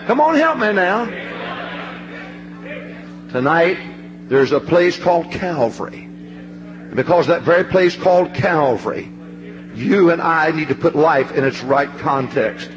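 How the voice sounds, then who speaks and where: A man preaching a fervent sermon. He swings between ringing shouts and low, hushed passages. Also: big pitch swings, a little slow, pauses often, lo-fi sound, over music.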